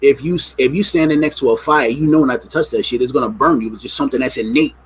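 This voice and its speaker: A man's voice: mid-range voice, fast, rough recording. A man co-hosting a casual radio talk show, brash and joking, swearing freely.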